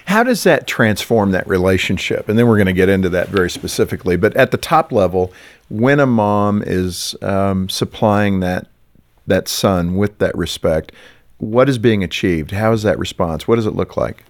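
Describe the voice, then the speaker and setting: A man with a very deep voice hosts an interview. He asks probing questions in a relaxed, conversational way. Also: moderate pace. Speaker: radio host.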